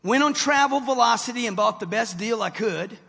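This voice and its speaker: His pitch is extremely high, his delivery brisk, and his gravelly tone bright and forceful. A motivational speaker in his sixties gives a punchy seminar talk before a live audience in a large hall with echoing acoustics, peppering it with "okay?" and "right?".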